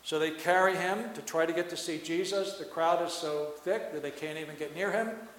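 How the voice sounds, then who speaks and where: A man's voice: a little high, moderate pace, a bit bright, a little hiss or hum. A man preaching a sermon in earnest, asking rhetorical questions and building to emphatic points. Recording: echoey hall reverb.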